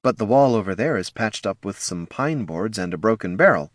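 A measured, wry elf ranger woman, as a man reads her, softer and quieter than the other figures, with a low, lively voice in a storybook reading. Close and dry. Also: no room sound. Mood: calm.

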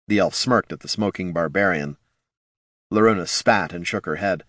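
Man, audiobook narrator, low voice, lively delivery, dry close recording. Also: moderate pace, dry recording. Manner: expressive storytelling. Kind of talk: scripted fantasy narration.

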